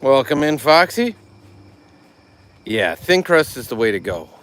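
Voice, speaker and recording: A man's voice: medium pitch, sing-song, unhurried, fairly bright tone. A man from Chicago hosting a casual live stream, chatting easily and answering viewers by name. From Chicago, United States.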